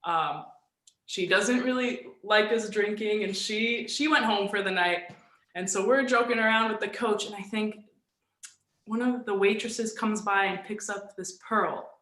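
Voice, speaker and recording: A young woman, a professional volleyball player, telling a story in a relaxed, chatty way with lots of "like". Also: medium pitch, measured pace, roomy sound. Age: young adult. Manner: animated storyteller, frequent "like". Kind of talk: casual storytelling on a video call.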